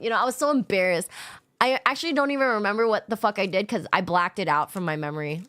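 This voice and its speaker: A young adult woman streamer telling a story in casual chat, animated, self-mocking and swearing a lot. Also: medium pitch, fast.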